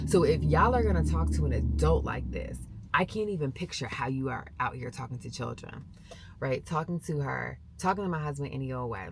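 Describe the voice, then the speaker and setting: A woman's voice: low voice, a little fast, vocal fry, background noise. A middle-aged woman vlogger telling a story casually to the camera, acting out the voices of the people she quotes. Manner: animated, acts out quoted voices.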